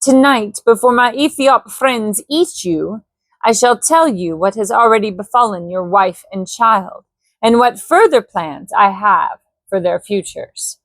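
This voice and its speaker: A woman voicing a cruel, sneering Russian villain who speaks with slow menace. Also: medium pitch, animated, a bit bright, dry recording.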